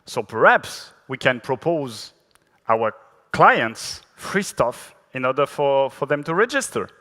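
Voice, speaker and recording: A man's voice: mid-range voice, sing-song, slow, sharp tone. A man with a French accent gives a technical conference talk, and his voice sits in a mid range. He keeps it chatty and self-deprecating, with lots of fillers and restarts. The sound carries a long reverb from a large hall. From France. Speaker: conference speaker.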